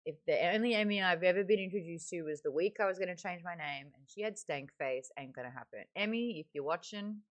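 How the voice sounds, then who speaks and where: A woman's voice: on the low side, fast talker, hardly any pauses. An Australian woman hosting a live-stream book club, chatting casually and reading viewer comments aloud into a desk mic. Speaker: livestream book club host. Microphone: desk microphone beside a webcam.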